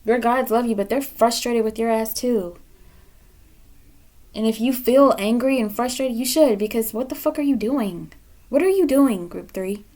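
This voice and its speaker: A woman reads tarot cards for her viewers. She talks bluntly and scolds a lot, swearing freely, in a voice of middling pitch. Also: darkish tone. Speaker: tarot reader. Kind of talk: pick-a-card tarot reading.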